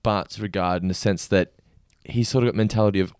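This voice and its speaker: A man's voice: lowish voice, fairly even intonation, fairly quick, darkish tone, smooth, no room sound, clean studio sound. A man co-hosting a podcast, chatting casually and enthusiastically while walking through an episode recap. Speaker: podcast co-host. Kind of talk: casual chat.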